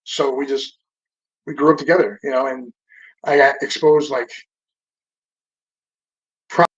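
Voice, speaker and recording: A man's voice: medium pitch, steady tone, unhurried, slightly rough. A man in his fifties from Southern California, a podcast guest telling stories in a loose, rambling way, swearing often and stopping and restarting with lots of fillers. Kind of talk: casual storytelling interview. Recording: dull lo-fi audio.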